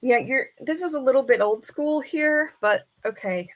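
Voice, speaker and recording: A woman on a casual live stream, reading quiz questions aloud and arguing with the answers, and now and then talking softly to her bird. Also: sits high, lively intonation, normal speed. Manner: chatty, reads questions then argues with the answers. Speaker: falconer streamer.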